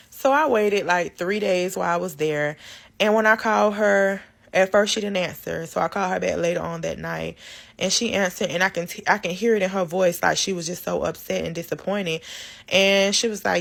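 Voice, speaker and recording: A woman's voice: mid-range voice, fairly quick, creaky, fairly bright tone. A woman vlogger telling her life story in a casual storytime, speaking candidly and directly to her viewers. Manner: candid, talks straight to viewers; loose and conversational, many fillers.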